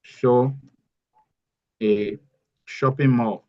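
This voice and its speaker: A man's voice: mid-range voice, fairly even intonation, very slow, a little mellow, dull audio. A man teaching an online workshop step by step, repeating key phrases as he goes. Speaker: AI bootcamp instructor. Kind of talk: live online tutorial.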